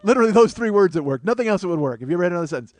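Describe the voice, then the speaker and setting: A man's voice: high voice, expressive, darkish tone, dry recording. Rambling, swearing comedy podcast man. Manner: rambling, profane, quick to laugh at himself. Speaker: podcast host. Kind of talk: comedic solo monologue.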